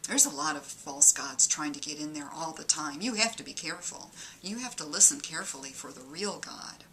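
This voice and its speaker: A woman with a Midwestern Detroit accent giving a deadpan comedic monologue of mock-earnest warnings. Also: low-pitched, fairly quick, a little hiss or hum. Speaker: comic monologist.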